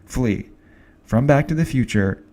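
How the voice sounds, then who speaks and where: A man's voice: medium pitch, lively intonation, a little slow, darkish tone. A man giving a chatty, rambling movie review to camera, full of fillers and asides. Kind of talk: casual film review to camera.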